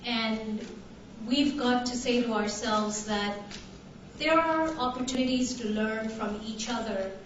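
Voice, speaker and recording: A woman from Tanzania raised in Canada, giving a conference talk, slow and hesitant with many fillers. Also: fairly high pitch, noisy background. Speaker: conference speaker. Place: conference hall. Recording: distant, echoey, muffled hall recording.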